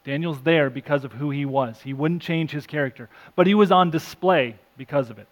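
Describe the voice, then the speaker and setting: Guy preaching a sermon, voice a bit on the high side, gets loud then goes quiet and soft. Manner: earnest preaching, rising for emphasis then dropping soft; self-deprecating asides. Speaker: pastor.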